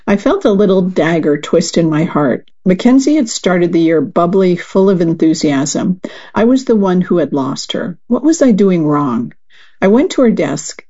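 Woman volunteer reader, husky mellow voice, calm steady reading, kinda dull lo-fi radio sound. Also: on the low side, normal speed. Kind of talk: reading a magazine article aloud.

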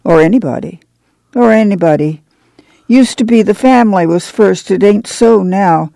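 A man as a worn-out but steady country mother, plain-spoken, with a gravelly, mellow high voice. Dry audiobook reading. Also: normal speed, dry recording. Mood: weary. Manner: plain rural speech. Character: tired, steadfast mother of a poor family.

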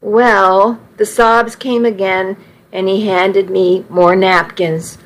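A woman reading a first-person story aloud. Her delivery is very slow and measured. Her pitch sits in the middle range. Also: level tone, poor audio. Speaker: narrator.

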